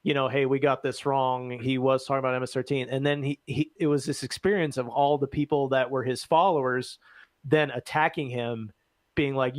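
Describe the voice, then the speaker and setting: Man, podcast co-host, argumentative, animated, dry close sound. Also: medium pitch, normal speed, no room sound. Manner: animated, argumentative, laughs often. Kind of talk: casual political discussion.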